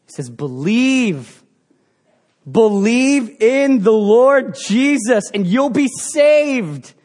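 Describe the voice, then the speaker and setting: A young adult man with a high-pitched voice preaching to his church. He talks casually and acts out the people in his stories, with lively swings in pitch and loudness. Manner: animated, acts out quoted voices. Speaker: pastor. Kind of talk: sermon.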